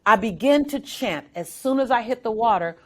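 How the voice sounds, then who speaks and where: A middle-aged woman, a guest, telling a story with dramatic, animated delivery. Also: a little high, normal speed. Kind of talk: storytelling interview.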